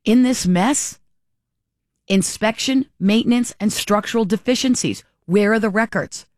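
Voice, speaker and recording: A woman's voice: medium pitch, unhurried, a little mellow. A woman delivers fired-up political commentary in a mid-range voice, sarcastic and indignant, peppering her talk with rhetorical questions. The sound is dry and close, with no room echo.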